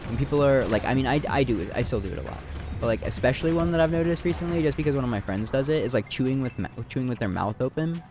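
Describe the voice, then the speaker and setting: A man's voice: mid-range voice, animated, very fast. A young man talking through a reflective, rambling chat while playing a game, with many fillers and casual swearing. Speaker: gaming video creator. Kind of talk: reflective talk over gameplay. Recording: background game music.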